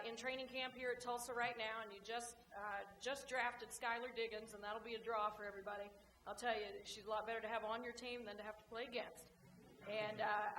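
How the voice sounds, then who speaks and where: A woman coach giving an after-lunch club speech, telling a joke story in a folksy, lively way. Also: on the high side. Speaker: guest speaker, women's basketball coach. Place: large banquet room. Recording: echoey room, faint hum.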